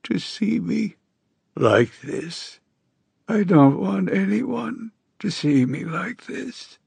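A man voicing a sick, dying old woman with a hoarse, wheezing voice and halting speech. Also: high-pitched, animated, darkish tone, dry recording, voice pushed up, full character voice. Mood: weary, rueful. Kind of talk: audiobook character voice.

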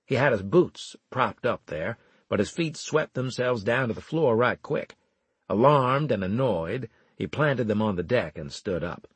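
A man reads a first-person audiobook with a husky, slightly breathy voice that swings widely in pitch. His delivery is wry and animated, leaning into the story's humor. The sound is dry and close, with no room around it. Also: a little slow, no room sound. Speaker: audiobook narrator.

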